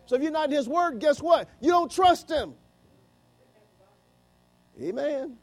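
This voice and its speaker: A man in his fifties preaching a sermon, emphatic, breaking into the voices of doubters and rising to shouts on key words. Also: extremely high pitch, expressive, brisk, faint music behind.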